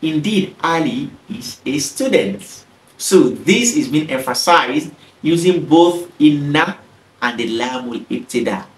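A man teaching Arabic grammar in an online lesson, speaking slowly and deliberately and repeating each example. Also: a little high, expressive. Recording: roomy, mic at a distance.

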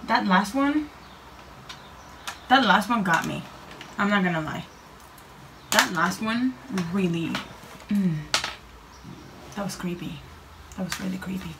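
A woman's voice: medium pitch, slow, pauses often. Jittery young woman reacting, distant mic. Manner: nervous, swearing, talking to viewers. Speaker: gaming vlogger. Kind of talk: casual reaction commentary. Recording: distant from the mic, with clear background noise.

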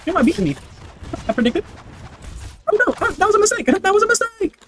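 A man giving loud, excitable gameplay commentary, full of brash trash talk, swearing and repeated barked commands. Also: very high-pitched, fast talker, a little hiss or hum. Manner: barks repeated commands and chants. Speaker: gaming video creator.

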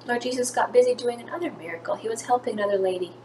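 A woman's voice: on the high side, very fast, dark tone. A woman teaching a third-grade class, telling a Bible story to children and acting out the quoted lines. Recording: echoey room, faint background noise.

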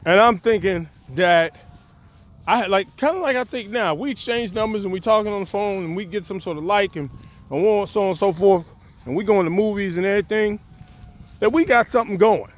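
The recording is lo-fi, with faint wind and outdoor noise, as a poet and vlogger tells a personal story on a windy walk. His high-sitting voice moves a little fast, and he animatedly acts out what people said.

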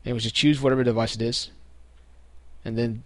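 At a quick pace and medium pitch, a young man guides viewers step by step through a computer tutorial in a casual screen recording with no room sound. He's relaxed as host, peppering his talk with ums and restarts.

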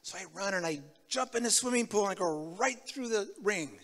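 A man from Tacoma, Washington, giving a sermon with his personal testimony, telling it in an animated way that swings from loud to hushed. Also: high-pitched, a little fast, in a large hall. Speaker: guest preacher. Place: church sanctuary.

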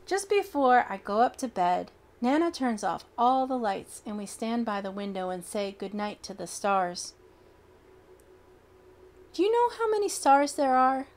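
A woman reading a children's picture book aloud in an expressive, childlike storytelling manner. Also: on the high side, measured pace.

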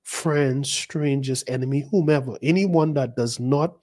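A man's voice: medium pitch, a little slow, dark tone. A male pastor in his fifties, teaching a sermon by retelling his own dreams in a loose, conversational way that circles back on itself with asides. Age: 50s. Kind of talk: sermon teaching through personal dream stories.

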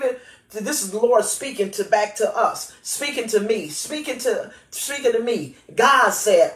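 Woman pastor, emphatic sermon, laughs often, mid-pitched voice, roomy church echo. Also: lively intonation, a little slow. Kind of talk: sermon and prayer.

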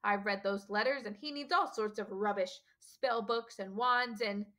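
A woman voicing a blustering, bullying middle-aged uncle who hisses and yells his lines. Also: mid-range voice, moderate pace, lightly acted. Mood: hissing. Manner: hissing and yelling.

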